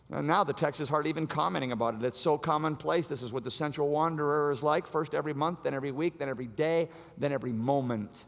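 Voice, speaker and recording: A man preaching a sermon as pastor, animated and acting out the voices of the story. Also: on the high side, brisk, vocal fry. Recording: long hall reverb.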